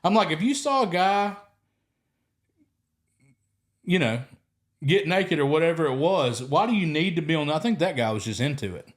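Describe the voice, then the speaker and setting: Man, podcast host, chatty rambling storyteller, voice sits a bit high. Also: very animated, moderate pace, pauses often. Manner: rambling storyteller, laughs through his stories. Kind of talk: casual storytelling chat.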